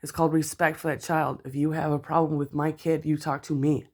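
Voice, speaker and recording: A furious mother vents straight to the camera, swearing in nearly every sentence. Her voice jumps up loud and sharp, then sinks low and bitter, as if she is still working herself up. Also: little pitch movement, fairly quick. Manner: heated, profane, swears constantly. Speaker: mother venting about another parent. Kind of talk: angry rant vlog.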